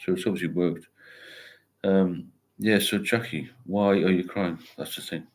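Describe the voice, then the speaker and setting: Very deep-voiced older man. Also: fairly even intonation, measured pace. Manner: rambling, reads viewer comments aloud and answers them warmly. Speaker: host of a sobriety livestream. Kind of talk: casual live chat.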